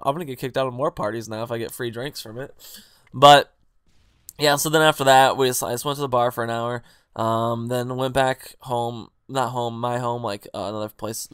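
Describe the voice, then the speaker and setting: A man's voice: mid-range voice, clear, resonant tone, dry recording, clean studio sound. Profane young man telling a story. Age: young adult. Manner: rambling, profane, animated retelling with quoted dialogue. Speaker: vlogger. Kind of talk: casual storytime vlog.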